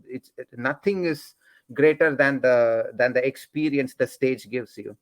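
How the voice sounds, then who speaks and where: A man's voice: mid-range voice, unhurried. A man with an Indian accent, a comedian guest on a talk show, joking and often repeating words as he talks. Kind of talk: casual talk show interview.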